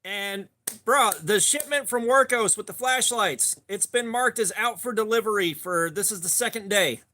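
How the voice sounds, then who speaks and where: Man, livestream host, casual chat, greets viewers by name, rambling, high voice. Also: normal speed, sharp tone. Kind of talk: casual live-stream chat.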